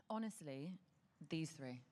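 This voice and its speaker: An English woman speaking thoughtfully in a live event interview, pausing to find her words. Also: sits low, lively intonation, darkish tone. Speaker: film actor at a premiere.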